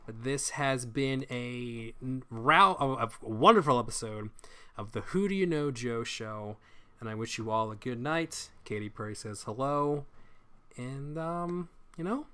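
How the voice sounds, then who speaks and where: A man hosting a casual livestream chat show, animated, laughing often and restarting his sentences. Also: medium pitch, a little slow, smooth. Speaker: podcast host.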